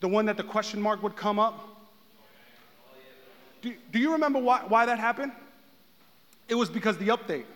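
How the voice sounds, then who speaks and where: A man preaching a sermon as pastor, swinging from hushed talk to shouted passages. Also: high voice, normal speed, long pauses. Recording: long hall reverb.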